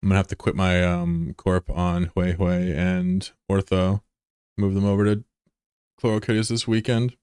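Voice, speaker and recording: A man's voice: sits low, little pitch movement, moderate pace, darkish tone, clear, resonant tone, no echo, clean studio sound. A man livestreaming, talking casually to his chat and bluntly, heatedly scolding a viewer. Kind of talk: casual live-stream talk to chat.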